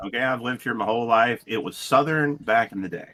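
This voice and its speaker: A man's voice: medium pitch, a little fast, sharp tone. A man in casual podcast chat, blunt and wry, swearing now and then.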